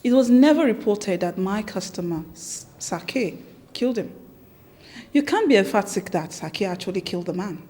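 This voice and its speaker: An actress playing a defensive Nigerian bank manager. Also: female voice, medium pitch, lively intonation, moderate pace, mellow, close to an everyday voice. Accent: Nigerian English. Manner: defensive, then pleading. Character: defensive female bank manager under pressure.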